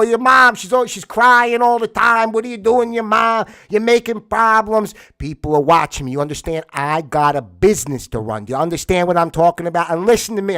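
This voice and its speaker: A short-tempered tough-guy businessman, as a man puts him on, pushing his voice up high and loud. He blusters and repeats his warnings, leaning hard on every threat. The tone stays forceful and pressing throughout. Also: clean tone.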